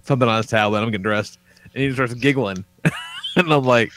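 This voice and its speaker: A man in his thirties, co-hosting a podcast in casual chat, telling stories in a profane, animated way. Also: medium pitch, a little slow, long pauses, slight background noise. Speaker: podcast co-host.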